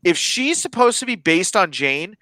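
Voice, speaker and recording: A man's voice: high-pitched, sing-song, moderate pace, bright, forceful tone, no echo. A man co-hosting a casual review discussion, critical and argumentative. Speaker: co-host.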